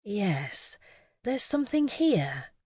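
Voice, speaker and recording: A shrewd, observant young woman from a storybook, voiced by a woman narrator. She speaks thoughtfully and deliberately, with lively pitch. The delivery is slow and the sound close and dry. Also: slightly rough, dry recording, full character voice.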